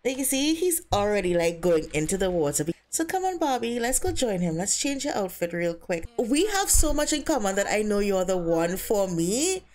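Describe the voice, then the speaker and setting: Excitable woman narrating her game. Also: mid-range voice, normal speed, hardly any pauses. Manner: excitable, gasping and squealing, voicing the characters' thoughts. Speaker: let's play host. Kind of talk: casual game commentary.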